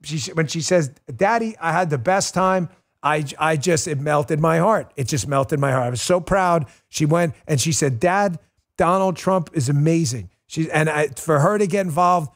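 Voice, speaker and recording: A middle-aged man hosting a political talk show, speaking in an animated, emotional, exclamatory way. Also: a little high, normal speed. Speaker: podcast host.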